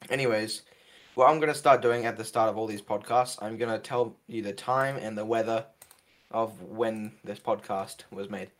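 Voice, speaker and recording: Young aussie dude hosting a podcast, kinda low voice, rambly and goofy. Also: male voice, steady tone, moderate pace. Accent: Australian. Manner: rambling, loose and jokey, lots of fillers. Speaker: podcast host. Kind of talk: casual podcast chat.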